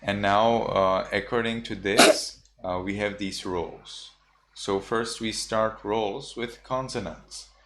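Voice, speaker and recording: A man's voice: on the low side, steady tone, takes it slowly, a bit bright, a little hiss or hum. A man teaching a class of children, patiently spelling out sounds and repeating them for the class to echo. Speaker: Buddhist monk teacher.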